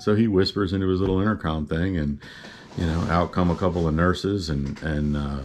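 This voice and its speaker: A man with a very low, deep voice tells a story from his own life in a loose, chatty way. He rambles good-naturedly and fills his pauses with "uh" and "you know". Faint background noise sits under his voice. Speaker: vlogger telling a personal story. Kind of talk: casual storytelling.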